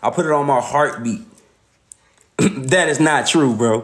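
A man's voice: medium pitch, unhurried, a bit bright. A man ranting casually on a livestream, profane and laughing often.

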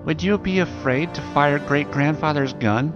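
A man voicing a frontier mother who speaks gently and soothingly while holding back her fear, reading over background music. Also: a little high, normal speed, muffled recording, pitched above the performer's own voice, natural voice. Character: anxious frontier mother, protective and calm. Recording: music playing behind the reading.

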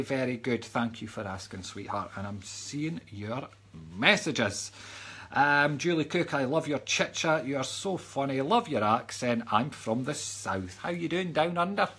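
A Scottish man with a fairly high, fairly bright voice and a breathy edge chats casually on a live stream. A psychic medium, he reads out viewers' comments and launches into joking rants, now and then dropping into a mock whisper.

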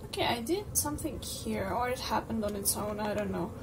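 A woman's voice: medium pitch, expressive, fairly quick, far from the mic, noisy background. A young woman commenting on a horror game she plays, jumpy and frightened, with sudden exclamations and swearing. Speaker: gameplay streamer.

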